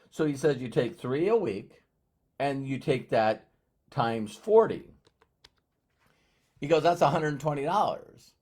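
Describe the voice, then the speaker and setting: A man's voice: mid-range voice, breathy edge. A man telling a personal story as a motivational speaker, acting out both sides of a conversation. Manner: animated, acts out dialogue. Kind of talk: storytelling talk.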